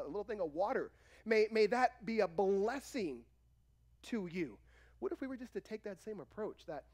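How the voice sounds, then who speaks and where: A pastor preaches to his congregation in a relaxed, conversational way, often putting on the voices of the people he quotes. His voice sits high for a man and swoops up and down with lively energy. He asks the room questions as he goes. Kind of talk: sermon. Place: church sanctuary.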